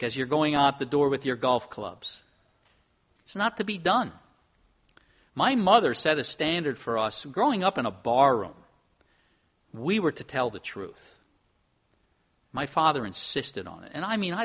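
A middle-aged man preaching a sermon in an earnest, emphatic way, moving between soft and loud. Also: on the high side, sing-song, measured pace, long pauses. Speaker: pastor.

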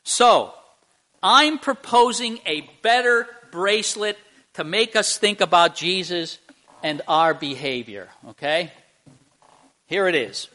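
A male pastor preaching a conversational sermon in church, halting with fillers and restarts and speaking directly to the children. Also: high voice, animated, bright, forceful tone. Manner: addresses children in the congregation directly.

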